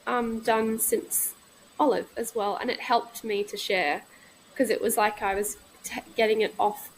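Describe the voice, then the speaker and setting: Thirtyish woman chatting on a podcast, kinda high voice, honest and halting, faint noise under it. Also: steady tone, poor audio. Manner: candid, reflective, halting with restarts. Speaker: guest, midwife. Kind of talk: casual podcast conversation.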